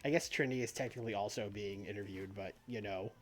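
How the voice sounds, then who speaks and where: With a low-sitting voice and quick pace, a streamer thinks aloud during a wrestling booking game in casual live-stream chat. They laugh often and switch plans mid-sentence over faint background music.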